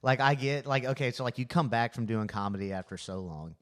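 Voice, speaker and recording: A man with a Louisiana accent, hosting a comedy podcast and telling stories in a relaxed, chatty way. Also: mid-range voice, a little fast. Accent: Southern US (Louisiana). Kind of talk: casual podcast chat.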